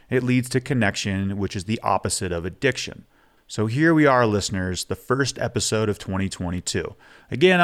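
Frank, casual-sounding man hosting a podcast. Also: fairly low pitch. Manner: frank, casual, swears freely. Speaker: podcast host. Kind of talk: candid podcast monologue.

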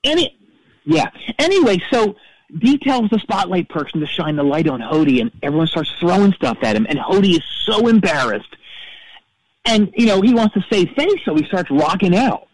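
An actor playing a petty, self-righteous middle-aged rock-fan caller who rambles and stammers through a comedic call-in story. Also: male voice, sits high, very animated, moderate pace, no echo, rough recording. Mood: rambling.

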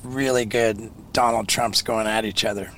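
A man's voice: lowish voice, fairly even intonation, normal speed, a bit bright, slight background noise, poor audio. Thoughtful podcast co-host man. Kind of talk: casual chat.

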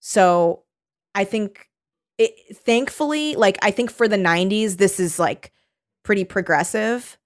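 A woman talking through a book with a friend in a relaxed, reflective way, pausing on fillers and swearing now and then. Her voice has a medium pitch. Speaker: podcast co-host. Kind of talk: casual book discussion.

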